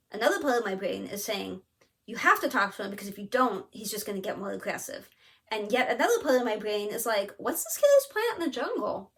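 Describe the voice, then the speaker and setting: A woman hosting a craft video, telling a story in a casual, animated way and acting out what people said. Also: mid-range voice. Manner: animated, lots of "like" and quoted asides. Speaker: flosstube host.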